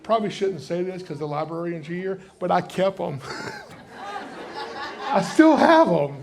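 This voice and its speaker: A middle-aged Southern man with a high, light voice tells folksy stories to a live crowd at a library reptile show. He jokes easily and keeps the room engaged. His drawl carries through every story. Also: unhurried, gravelly. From Georgia, USA. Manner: joking, folksy, animated storyteller. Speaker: reptile rescuer giving a library program. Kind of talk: live storytelling talk to an audience.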